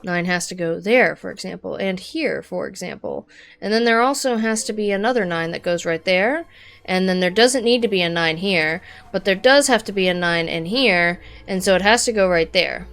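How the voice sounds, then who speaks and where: A woman's voice: fairly low pitch, moderate pace, fairly bright tone, clear, resonant tone. A woman streaming a game, thinking aloud as she works through a puzzle, muttering and exasperated. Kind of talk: live game commentary. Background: background music.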